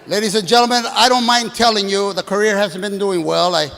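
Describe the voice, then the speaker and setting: A man in his sixties doing a stand-up comedy set, brashly working the crowd and shouting at the audience from a stage. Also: high voice, steady tone, a little fast, gravelly. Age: 60s. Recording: live hall with long reverb, faint room noise.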